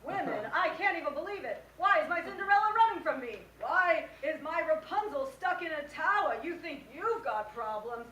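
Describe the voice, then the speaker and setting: A woman's voice: sits high, animated, moderate pace, hardly any pauses, pushed and bright, slight background noise. A woman playing a lovesick prince who whines melodramatically about his troubles and slips into song. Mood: self-pitying. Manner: melodramatic complaining, breaks into song. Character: lovesick male prince, whiny and self-pitying. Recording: echoey room, far from the mic.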